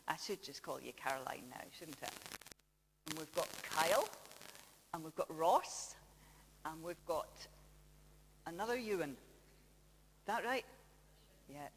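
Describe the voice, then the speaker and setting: A woman giving a chatty children's talk in church, gently teasing the kids and telling a story while projecting her voice without a microphone. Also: low voice, expressive, slow, pauses often, background noise. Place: large church. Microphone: faulty microphone, then no mic, projecting her voice. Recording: echoey church with long reverb.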